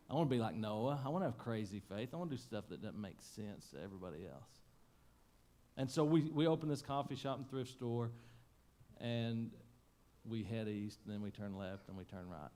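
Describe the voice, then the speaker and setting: A man preaching a sermon, telling a story in a folksy, emotional way that swings from loud to hushed. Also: on the low side, expressive, moderate pace. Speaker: pastor. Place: church sanctuary.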